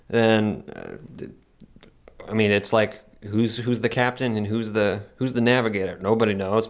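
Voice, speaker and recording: A man hosting a podcast in casual chat, animated and laughing often, his voice jumping up when excited. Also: fairly low pitch. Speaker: podcast host.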